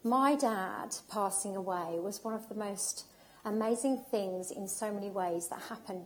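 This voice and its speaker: A woman giving an emotional, heartfelt personal talk at an event, speaking with emphasis and repetition. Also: mid-range voice.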